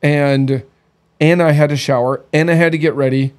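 Guy in his 30s, slightly high voice, candid blunt storytelling, casual chat. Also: fairly even intonation, moderate pace. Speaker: podcast host.

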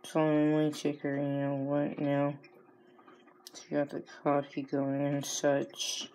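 A woman with a deep, steady voice plays out a pretend conversation, answering her own lines in turn. She speaks slowly, with mock outrage and little rise and fall. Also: slight background noise, low-quality recording. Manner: answers herself back and forth, mock-indignant. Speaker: vlogger. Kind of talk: playful pretend dialogue.

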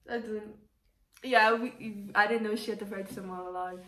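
A woman's voice: mid-range voice, fairly even intonation, moderate pace, sharp tone, distant mic. A young woman telling a casual storytime, chatty and full of "like", acting out what people said. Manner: chatty, fills with "like", acts out quotes. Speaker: vlogger. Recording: roomy echo, voice away from mic.

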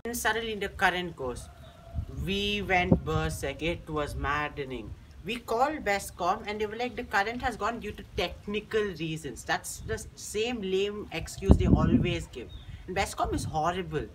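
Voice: medium pitch, expressive, moderate pace, heavy background noise. A teenage student, telling a story in a chatty, rambling way with frequent restarts. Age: teens. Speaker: school student. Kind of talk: casual storytelling monologue.

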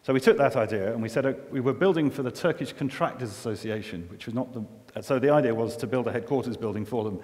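A man's voice: mid-range voice, quick pace, few pauses, darkish tone. A middle-aged man giving a conference talk, chatty and self-deprecating, with many restarts and asides. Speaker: environmental engineer giving a festival talk. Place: festival venue with long reverb. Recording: reverberant hall recording.

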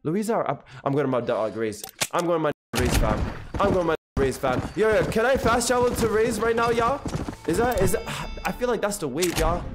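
A young man giving excitable, slang-heavy live commentary while streaming a video game and chatting with his viewers. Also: high-pitched, fairly quick. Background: game music.

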